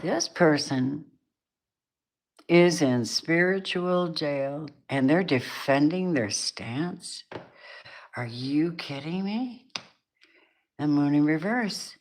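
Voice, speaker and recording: Middle-aged lady doing a tarot reading, low voice, chatty, keeps laughing. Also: expressive, slow pace, pauses often. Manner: chatty, laughs often, voices the people in the cards. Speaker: tarot reader. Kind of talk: casual tarot reading monologue.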